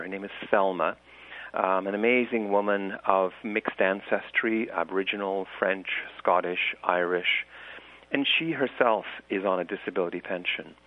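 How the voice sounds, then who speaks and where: A thoughtful man speaks as a guest on a radio interview, his low voice coming through a tinny phone line. He talks in a halting, reflective way and often restarts his sentences. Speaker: author and guest. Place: island cottage.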